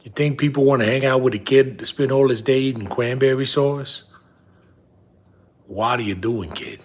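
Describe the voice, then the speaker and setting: In a comedy character monologue, a comedian plays a nagging middle-aged bus-driving father who scolds his son again and again, repeating himself and dropping into hushed whispers. His voice is natural and medium-pitched, at normal speed.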